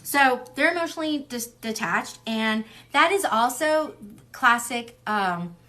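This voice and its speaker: Slightly high and bright, this young woman's voice has a forceful edge as she reads tarot on a relaxed livestream. Blunt and talkative, she swears often, wanders off topic, and fills gaps with "like" and "um."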